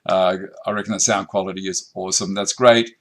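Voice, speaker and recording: A man's voice: sits low, steady tone, fairly quick. A middle-aged man, casually chatting on a woodworking live stream while reading out viewer comments. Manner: casual, chatty, laughs easily. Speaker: woodworking channel host.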